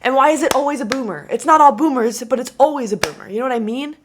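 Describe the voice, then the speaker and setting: A woman's voice: high-pitched, fast, background noise. A woman reacting to clips in a casual vlog, talking to camera in a chatty, exasperated way with lots of "like". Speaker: commentary vlogger.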